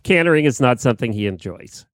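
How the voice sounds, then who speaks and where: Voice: mid-range voice, expressive, fast talker, no room sound, studio quality. A podcast co-host in casual chat, teasing and laughing through the banter.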